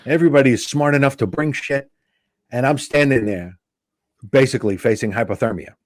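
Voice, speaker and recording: A man's voice: mid-range voice, fairly quick, no room sound, studio quality. A male comedian telling a casual anecdote as a guest, acting out the dialogue. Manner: animated anecdote teller acting out quoted dialogue. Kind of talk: casual storytelling.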